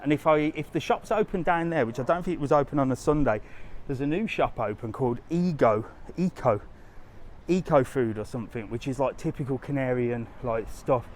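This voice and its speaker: A man's voice: medium pitch, fairly quick, a little mellow, slight background noise. Chatty man on a walking live stream. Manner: chatty, easygoing, talks straight to viewers. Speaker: travel vlogger and live-stream host. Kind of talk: casual live walking tour, reading viewer comments. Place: outdoors on a resort street, walking.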